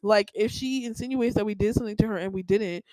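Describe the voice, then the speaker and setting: A woman's voice: medium pitch, fast talker, mellow, dry recording, poor audio. A young woman hosting a podcast, telling a personal story in a rambling, heated way with lots of filler words. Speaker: podcast host.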